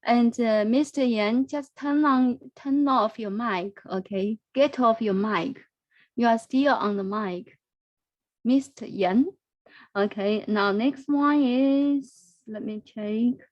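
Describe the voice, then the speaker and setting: A woman leads an online English class, speaking slowly and encouragingly as she coaches pronunciation. Her voice sits fairly high. The sound is dry and close. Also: dry recording, dull audio. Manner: slow, encouraging, repeats words for practice. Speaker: English teacher. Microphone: video call.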